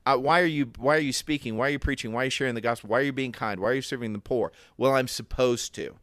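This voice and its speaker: Reflective and thinking out loud, this podcast co-host restarts often and acts out his inner questions during a casual Bible discussion. He speaks quickly in a mid-range, slightly bright voice, and the recording is dry with clean studio sound.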